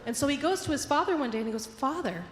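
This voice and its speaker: A woman's voice: sits high, very fast, slight background noise. Playful woman minister in an echoing sanctuary. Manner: playful, animated storytelling. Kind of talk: sermon storytelling. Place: church sanctuary. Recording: echoey hall with long reverb, faint ambience.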